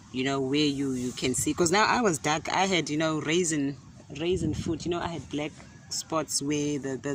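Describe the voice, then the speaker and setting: A middle-aged woman telling a casual story in an animated way, often repeating words and laughing. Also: low-pitched, slight background noise. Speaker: gardening vlogger. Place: outdoor garden.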